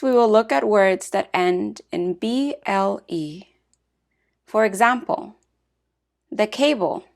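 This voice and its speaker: A woman narrating a scripted language lesson with clear, measured explanations. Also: medium pitch. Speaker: language teacher.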